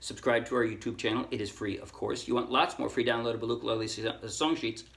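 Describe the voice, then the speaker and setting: A man teaching a ukulele song in a relaxed, casual way, counting strings aloud and correcting himself as he goes. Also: medium pitch, fast, creaky. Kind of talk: casual tutorial talk. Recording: ukulele playing under the voice.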